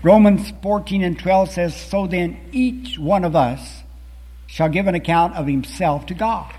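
A man preaching with earnest conviction, his voice pitched a little high and carrying a breathy, husky edge. His words ring out into a long hall reverb, as if he were in a church sanctuary. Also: a little slow, warm tone. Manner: earnest, rises and falls in emphasis while reading scripture and poetry. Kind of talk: sermon.

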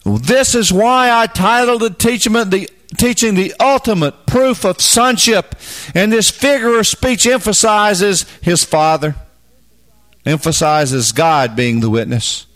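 Male preacher, high-pitched, folksy and emphatic, Bible teaching. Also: a little slow. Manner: folksy, emphatic, swings from low asides to loud bursts.

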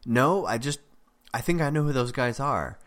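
A man's voice: medium pitch, normal speed, a bit bright, voice pushed up, lightly acted. A man voicing an agitated young man who talks bluntly and swears. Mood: defensive. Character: tense young man visiting a friend.

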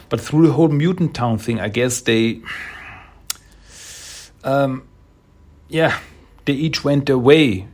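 A man's voice: mid-range voice, breathy edge. A man casually recapping a comic book issue in a rambling, hesitant way, with many restarts and chuckles.

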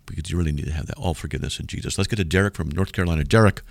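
A man's voice: sits low, very fast, no echo. A man hosting a Christian call-in radio show, talking emphatically and in a preachy way, his voice climbing sharply when he argues.

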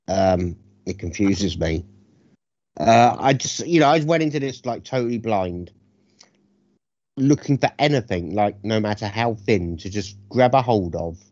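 A man co-hosting a film review chat, animated, sarcastic and freely profane. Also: fairly low pitch, a little slow, dry recording, dull audio. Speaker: podcast co-host reviewing films.

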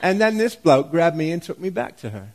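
A lost little black sheep bleating out its story in a clumsy mock British accent, as a man puts it on. The voice sits a bit high, a small creature with a plaintive, hammy lilt. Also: very animated, a little fast, a little mellow. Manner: clumsy put-on accent, laughing.

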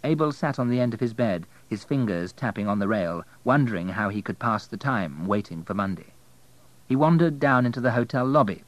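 A man narrating an audiobook in a steady, measured way. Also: on the low side, dry recording, poor audio.

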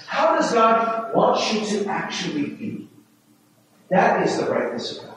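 A man's voice: high-pitched, a little hiss or hum. A man preaching a sermon as pastor, talking with the congregation in a conversational way and often asking "right?". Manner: acts out his own inner voice with rising, fast self-talk. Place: church sanctuary. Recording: very echoey hall, voice from far off.

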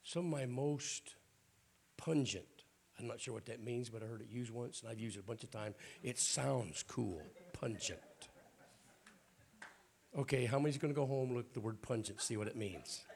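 A middle-aged man from the American South, a guest preacher, delivers a folksy, joking sermon in a church with a Southern US accent. His voice sits at medium pitch and moves at a normal speed, with vocal fry and a husky, slightly mellow quality.

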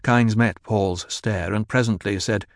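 A man narrating an audiobook in a steady, even reading. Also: fairly low pitch, unhurried, no echo, clean studio sound. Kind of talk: scripted narration.

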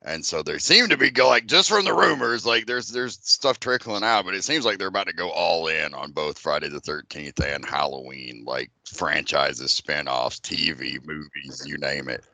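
A man's voice: a bass voice, moderate pace, creaky, hardly any pauses, bright, forceful tone, dry recording. A man hosting a podcast, chatting casually about a movie in a rambling way that swears and restarts often. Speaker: podcast host. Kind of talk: casual movie review chat.

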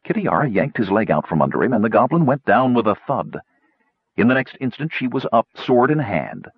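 A man's voice: medium pitch, wildly swooping pitch, a little fast, husky, no echo, phone-quality sound. A man reading a fantasy novel aloud as narrator, with a dramatic, varied delivery. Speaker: audiobook narrator.

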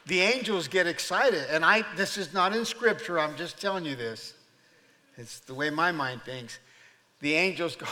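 An older man, a pastor, preaching a sermon as an animated storyteller who acts out voices and laughs often. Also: high-pitched, normal speed, in a large hall.

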